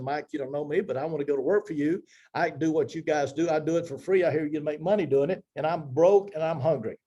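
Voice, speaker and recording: A man's voice: a little high, dark tone. A man in his seventies telling a personal career story to his team, acting out the dialogue as he goes. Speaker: business leader speaking to his team.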